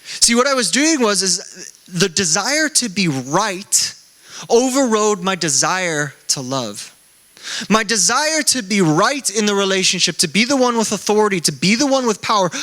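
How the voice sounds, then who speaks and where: A young man preaching a sermon as pastor, telling stories in a lively, self-mocking, conversational way. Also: sits high. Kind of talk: sermon with casual storytelling.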